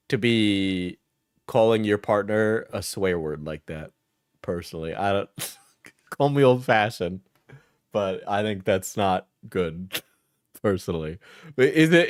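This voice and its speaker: A man's voice: fairly low pitch, clean tone, dry recording, clean studio sound. Mocking man streamer, laughing a lot. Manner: mocking, laughs often, swears freely. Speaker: streamer reacting to clips. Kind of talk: casual reaction commentary.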